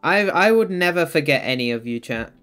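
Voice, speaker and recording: A man's voice: on the high side, expressive, brisk, a bit bright, soft background music. A man streaming a video game, rambling, giggling and chatting to his viewers. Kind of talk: casual live-stream chat while playing.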